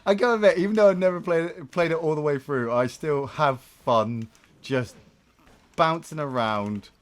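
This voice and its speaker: A man co-hosting a game review show, casually commentating gameplay with jokes, swearing and loud acted-out bursts. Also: on the high side, moderate pace. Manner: animated, jokey, acts out game characters in loud bursts, swears.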